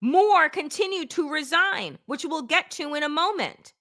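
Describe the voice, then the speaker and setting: Sarcastic and blunt, this woman political show host swears freely while giving emphatic, opinionated commentary. Her voice is high and lively, and she takes her time.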